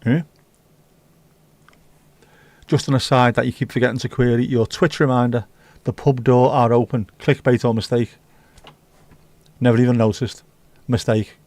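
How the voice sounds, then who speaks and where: A man's voice: mid-range voice, level tone, normal speed, pauses often, darkish tone, no echo. A middle-aged man, hosting a livestream and rambling casually while reading out viewer comments. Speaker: livestream host. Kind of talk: casual chat.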